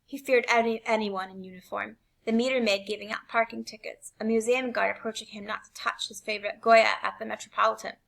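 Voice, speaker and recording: A woman reading a novel aloud in an expressive way, shifting between quiet and intense passages. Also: fairly high pitch, fairly quick, gravelly, hardly any pauses. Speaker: reader.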